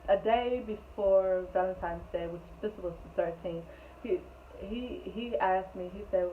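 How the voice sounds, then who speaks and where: Over a tinny, phone-like recording with faint noise, a storytelling vlogger tells a rambling, casual storytime. She's a young woman with a medium-pitched voice, taking her time and laughing frequently as she goes.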